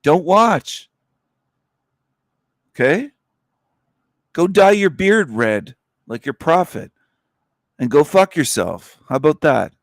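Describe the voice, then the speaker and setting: A man's voice: a little high, big pitch swings, slow pace, long pauses, dry recording, studio quality. A man hosting a livestream in a blunt, profane angry rant, with scornful laughs scattered through it. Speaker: livestream host.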